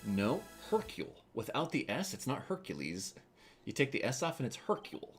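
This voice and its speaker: American guy chatting on a game stream, lively bouncy voice, game music loud behind him. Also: mid-range voice, fairly quick. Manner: reads chat aloud, repeats words, joking. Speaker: streamer co-host. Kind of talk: casual gameplay stream chat.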